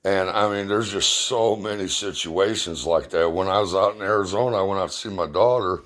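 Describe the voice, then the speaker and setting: A man's voice: sits low, brisk, fairly bright tone. A middle-aged man telling a personal story in a blunt, emotional way, swearing freely.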